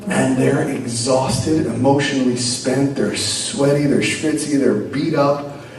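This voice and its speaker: A rabbi telling a teaching story in an animated way, with a few Yiddish words mixed in. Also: male voice, mid-range voice, slow, a crowd in the background. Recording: very echoey room, distant mic, noisy.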